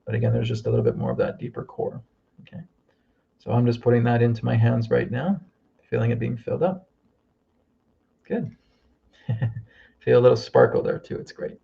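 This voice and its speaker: Man, gravelly voice, leads a guided healing meditation over muffled lo-fi audio, calm check-ins. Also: medium pitch. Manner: slow, soothing instructions with frequent "okay?". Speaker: healer leading a group healing.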